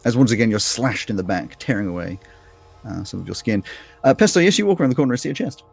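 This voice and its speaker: Man running the game, relaxed, low voice, quiet music behind. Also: fast talker, creaky, husky. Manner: relaxed, easygoing, with fillers. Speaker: game master. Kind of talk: narrating a tabletop game.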